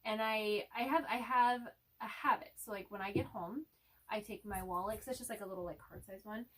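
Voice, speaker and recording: A husky woman rambles through a nervous story, laughing now and then. She sits a little back from the mic, so her voice sounds slightly distant. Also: mid-range voice, a little fast, fairly bright tone. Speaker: co-host. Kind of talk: casual chat.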